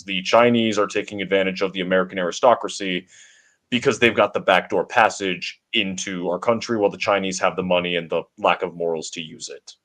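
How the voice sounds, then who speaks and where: A man's voice: fairly low pitch, a bit bright. A man co-hosting a political talk stream who talks in long, assertive, opinionated stretches.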